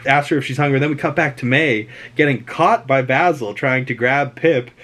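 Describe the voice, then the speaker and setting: A man with a Boston accent casually recapping a TV episode, rambling and animated, slipping in quoted lines. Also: medium pitch, normal speed. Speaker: show recap host.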